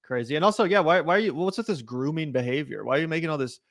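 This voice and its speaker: A man's voice: a little high, racing, a bit bright, dry recording, clean studio sound. A man co-hosting a casual reaction podcast, rambling and profane with frequent laughs. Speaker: podcast co-host. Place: studio in a city neighborhood.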